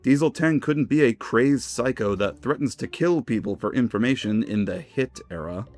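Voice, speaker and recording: A man's voice: mid-range voice, normal speed, darkish tone, faint music behind. A man giving scripted, enthusiastic narration for a fan video essay. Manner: enthusiastic, conversational fan commentary.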